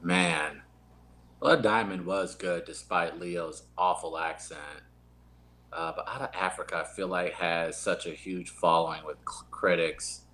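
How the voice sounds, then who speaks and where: Deep-voiced man hedging his opinions. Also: fairly even intonation, measured pace, sharp tone, a little hiss or hum. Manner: hesitant, repeats words before an opinion. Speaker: podcast panelist. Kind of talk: casual podcast banter.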